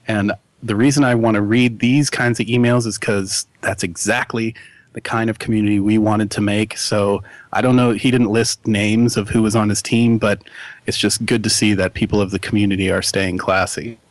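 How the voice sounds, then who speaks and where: A man co-hosting a casual gaming podcast, relaxed and jokey, often laughing as he reads listener mail. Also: lowish voice, moderate pace, no room sound. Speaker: podcast co-host.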